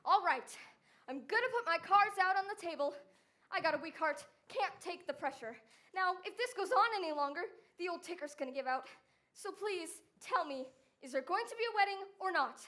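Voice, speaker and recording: A woman playing a gruff, harried middle-aged male producer in a stage musical, blustering and fast-talking. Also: very high voice, animated, sharp tone, heavily acted.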